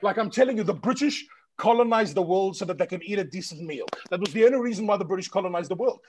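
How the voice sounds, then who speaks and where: A man from South Africa, a guest chatting on a podcast and telling lively anecdotes full of quoted voices. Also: high-pitched, fast talker, slight background noise. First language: Greek heritage, bilingual. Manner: animated storyteller, mimics people in quoted voices. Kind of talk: casual podcast chat.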